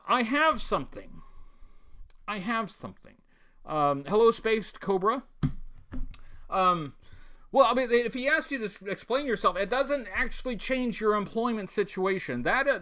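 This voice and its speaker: High, bright-voiced man hosting a livestream. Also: clean tone. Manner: rambling, greets chat viewers, frequent fillers and restarts. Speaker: livestream host. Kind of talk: casual live-stream chat.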